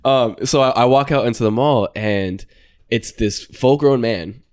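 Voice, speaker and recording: A young man telling a work story in a relaxed casual chat, full of fillers. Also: medium pitch, a little slow.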